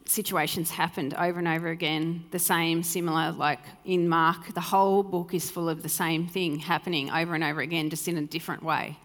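A woman's voice: deep voice, flat delivery, brisk, hardly any pauses. A woman in her thirties giving an earnest, heartfelt sermon as a pastor, sometimes acting out remembered conversations. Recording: reverberant hall with soft music.

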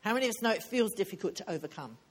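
A woman's voice: mid-range voice, lively intonation, racing. A woman preaching at a women's retreat, speaking earnestly and conversationally, and repeating key lines for emphasis. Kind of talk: sermon.

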